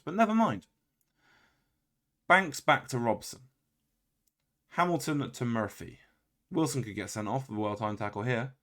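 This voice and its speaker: A man's voice: mid-range voice, a bit bright. A man giving casual, wry play-by-play commentary on his own video game, full of exasperated, self-mocking asides.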